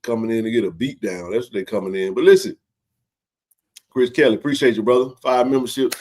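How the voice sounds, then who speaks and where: A man hosting a casual sports livestream, animated and joking in colloquial speech. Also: medium pitch, a little fast. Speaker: sports talk show host.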